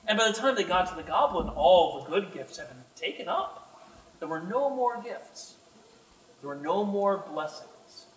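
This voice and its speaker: Brief: high, animated male storyteller at a convention talk, distant mic in a roomy hall. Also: moderate pace, a little hiss or hum. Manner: storytelling, joking, expressive. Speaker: game designer speaking at a fan convention. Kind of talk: animated talk to a live audience.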